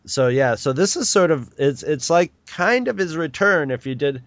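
A man's voice: fairly high pitch, sing-song, normal speed, no echo, dull audio. A man in his forties co-hosting a podcast, chatting casually and rambling with restarts. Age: 40s. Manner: rambling, with many restarts and laughs. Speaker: podcast co-host. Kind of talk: casual chat.

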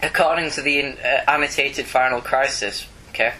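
A man co-hosts a podcast and fills in background details in an informative way, chuckling often. His voice is bright and mid-pitched, with faint ambient noise behind him. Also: fairly even intonation, brisk, poor audio. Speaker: podcast co-host. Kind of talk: casual comic book podcast chat.

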